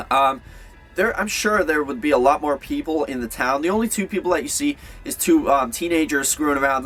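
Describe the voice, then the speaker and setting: A man's voice: on the high side, fairly bright tone. A young man giving a casual, rambling movie review, full of fillers and restarts.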